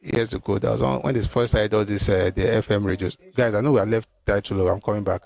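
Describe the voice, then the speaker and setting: A man hosting a live stream, answering viewer comments in an animated, exclamatory way, often repeating himself. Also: lowish voice, fast, creaky. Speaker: host.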